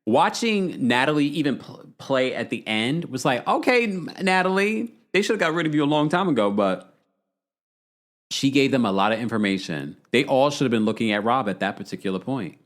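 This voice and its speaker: A man's voice: medium pitch, big pitch swings, brisk. A man hosting a livestream, chatting casually, bluntly ranting and reading viewer comments aloud. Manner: blunt, exasperated rants. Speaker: podcast host.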